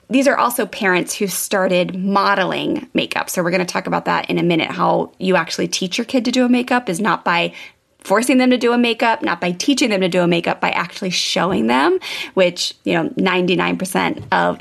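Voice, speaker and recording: Woman, middle-aged, parenting host, chatty storytelling, gravelly fry, casual monologue. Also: medium pitch. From California, US. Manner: chatty, animated storytelling with fillers. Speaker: podcast host, parenting coach.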